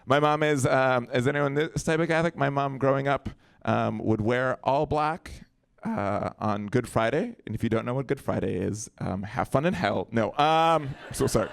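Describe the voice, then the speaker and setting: A young man from Colombia doing a stand-up comedy set on a club stage into a handheld mic, hosting the night and jumping into quick voices and impressions. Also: mid-range voice, vocal fry, dry recording, clean studio sound. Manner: animated, jumps into voices and impressions.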